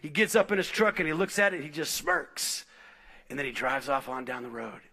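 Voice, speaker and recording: Bright, animated man preaching a sermon. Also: fairly high pitch, fairly quick. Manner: animated storytelling with laughs and sudden quiet asides. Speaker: pastor.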